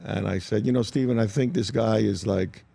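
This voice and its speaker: Gravelly older man telling anecdotes. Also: lowish voice, moderate pace, no room sound. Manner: animated anecdotes, acts out quoted voices. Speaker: actor guest. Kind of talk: interview storytelling. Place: talk show studio.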